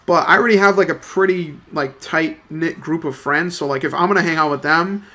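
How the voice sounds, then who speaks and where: A man's voice: on the high side, fairly quick, bright, forceful tone. A young man in his twenties chatting casually, telling a rambling, profane story full of slang and fillers. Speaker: let's play commentator.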